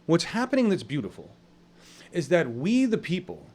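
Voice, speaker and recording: A man hosting an online news stream in casual live talk, rambling and halting with many fillers as he greets viewers from the chat. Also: fairly high pitch, huge pitch swings, a little mellow, breathy edge.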